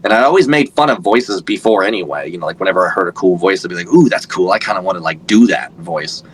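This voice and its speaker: Low-voiced rambling man, voice actor. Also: animated, fast, fairly bright tone, slight background noise, low-quality recording. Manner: rambling, many fillers and restarts. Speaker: voice actor guest. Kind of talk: casual interview talk.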